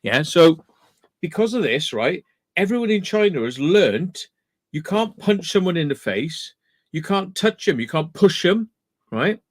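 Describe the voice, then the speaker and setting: A man, telling a story in a casual chat as a guest calling in, animated and swearing freely. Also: fairly high pitch, a little slow. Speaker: guest on call.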